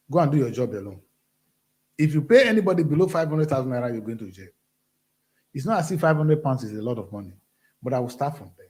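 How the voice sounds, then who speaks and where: A man's voice: mid-range voice, dark tone. A man with a Nigerian accent hosting his own show, delivering a fiery, preachy and blunt monologue. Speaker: show host. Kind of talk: impassioned monologue.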